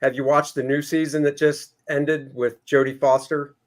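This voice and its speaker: Middle-aged male host, somewhat higher voice, relaxed and agreeable. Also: normal speed. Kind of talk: casual chat.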